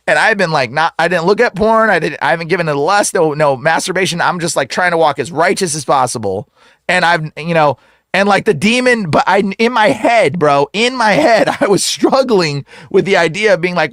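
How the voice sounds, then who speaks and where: Excitable man with a high, lively voice. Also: fairly quick, no echo, clean studio sound. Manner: excitable, slangy, full of "like" and "bro". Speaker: exorcist guest. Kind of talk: casual storytelling.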